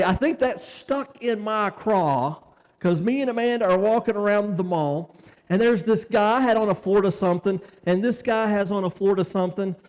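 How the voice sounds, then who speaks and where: A folksy male preacher from Tennessee with a fairly high voice, telling stories and acting out both sides of the conversations. His talk rings with a long reverb from the church hall. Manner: folksy, animated, acts out dialogue. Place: church sanctuary.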